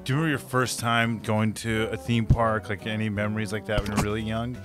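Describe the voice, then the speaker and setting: A man's voice: lowish voice, little pitch movement, quick pace, over music. A man hosting a casual podcast chat, easygoing and jokey, asking his co-hosts questions.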